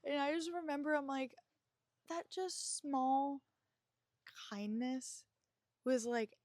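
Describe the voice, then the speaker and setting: A woman's voice: sits high, slow, a little mellow, no echo, clean studio sound. A young woman hosting a podcast, telling a personal story in a frank, emotional way, swearing freely and using lots of fillers. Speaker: podcast host.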